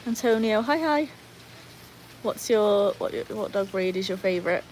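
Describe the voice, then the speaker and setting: A British woman hosts a relaxed livestream from her home. She chats freely, reads out viewers' questions and talks to her dogs. Her voice sits at a middle pitch, with faint household noise in the background. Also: normal speed, low-quality recording. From Britain. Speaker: livestream host. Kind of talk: casual livestream chat.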